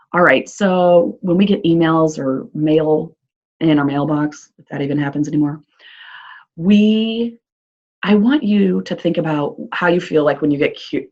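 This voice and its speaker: Her voice is deep and a little mellow: a woman, an early childhood social worker, recorded giving parents a cheerful, encouraging presentation. She talks chattily with fillers in a Midwestern American accent, and the lo-fi recording sounds dull.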